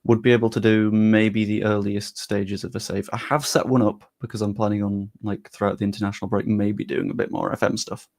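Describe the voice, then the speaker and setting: A man's voice: fairly low pitch, little pitch movement, a little fast, few pauses, darkish tone. A young man chatting casually and loosely on a live stream, talking straight to his chat with the odd swear.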